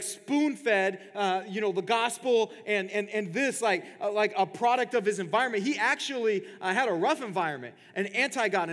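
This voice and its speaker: A man's voice: high voice, fairly bright tone. A man preaching a sermon as pastor, talking conversationally with many repeated fillers and restarts, and laughing often. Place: church hall. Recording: long reverb of a church hall.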